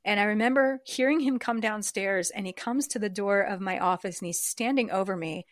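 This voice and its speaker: A woman guest in an interview, telling a personal story reflectively, with frequent fillers and soft laughs. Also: mid-range voice, fairly quick, dry recording, clean studio sound. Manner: reflective, acts out remembered dialogue. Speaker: podcast guest.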